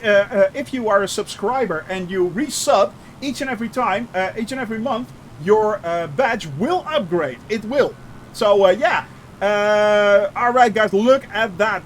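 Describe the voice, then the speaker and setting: A man's voice: high voice, slight background noise, poor audio. A male streamer chatting casually with viewers during a live flight-sim game, greeting each by name with many fillers. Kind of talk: live-stream chat while flying.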